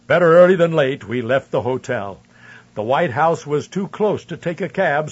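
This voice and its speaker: A man reading a first-person memoir aloud in a measured, earnest storytelling manner. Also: medium pitch, slightly rough, highs cut off. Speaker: narrator. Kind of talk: scripted memoir narration.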